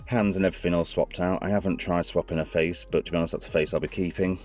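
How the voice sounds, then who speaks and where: A man with a very low, deep voice talks through a hands-on toy review in a loose, rambling way, often correcting himself mid-sentence. Faint music plays underneath. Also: steady tone, quick pace, a little mellow. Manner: chatty, rambling, self-correcting.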